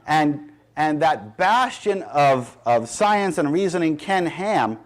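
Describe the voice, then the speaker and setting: A man's voice: fairly high pitch, very animated, slow. A middle-aged man giving an emphatic, sarcastic public speech. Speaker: speaker.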